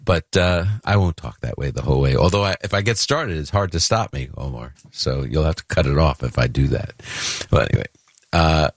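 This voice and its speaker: A man's voice: extremely low pitch, fairly quick, dry recording, clean studio sound. A man from Brooklyn hosting a call-in radio show, chatty and earnest as he promotes an event and takes callers. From Brooklyn, New York. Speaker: radio host.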